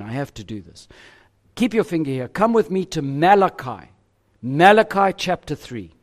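A man preaching a sermon in an emphatic, deliberate way, pausing on each phrase. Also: a little high. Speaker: pastor.

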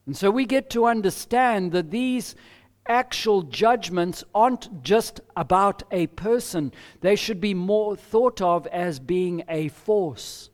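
Pastor, male, high voice, slow, deliberate emphatic delivery; sermon recorded with a long hall reverb. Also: expressive. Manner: measured, emphatic preaching with deliberate pauses. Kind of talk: expository sermon.

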